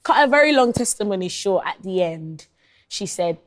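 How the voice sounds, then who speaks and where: A woman's voice: mid-range voice, lively intonation, moderate pace. Chatty young woman with a London accent. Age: 20s. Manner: chatty storyteller, many ums and likes. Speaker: guest, singer-songwriter. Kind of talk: casual interview chat.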